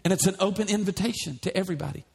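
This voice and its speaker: A middle-aged pastor preaching a sermon, reading scripture aloud and building in fervor. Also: male voice, high-pitched, rapid-fire, creaky.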